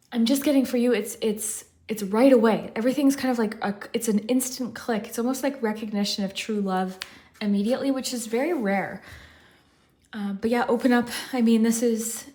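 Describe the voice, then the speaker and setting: A woman's voice: a little high, warm tone. Breathless, chatty tarot-reading woman. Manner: chatty, rambling, many "like" fillers. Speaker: tarot reader. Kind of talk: casual pick-a-card tarot reading.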